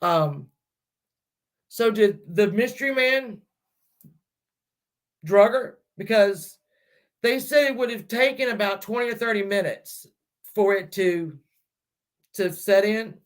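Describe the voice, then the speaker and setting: High-voiced man rambling through true crime. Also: slow, long pauses. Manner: rambling and hesitant, many restarts and fillers; speculates aloud, addressing viewers directly. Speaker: true-crime channel host. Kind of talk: casual true-crime storytelling.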